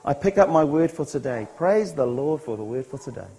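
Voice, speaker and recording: A man's voice: mid-range voice, expressive, brisk, dark tone, low-quality recording. A man with a New Zealand accent telling his personal testimony as a sermon, earnest, acting out his own thoughts along the way. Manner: earnest storytelling, voicing his own thoughts, chuckles at himself. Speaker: speaker giving a personal testimony.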